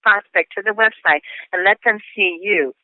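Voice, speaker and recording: A man's voice: high-pitched, moderate pace, no room sound. A man hosting a conference call in an encouraging, sermon-like manner. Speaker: call host. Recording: phone line.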